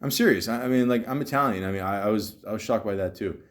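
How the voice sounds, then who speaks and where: A man's voice: fairly low pitch, fast. A young man from Canada hosting a podcast, reading out a list and breaking off into rambling, self-mocking asides with plenty of swearing. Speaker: podcast host. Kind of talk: casual commentary reading a list aloud.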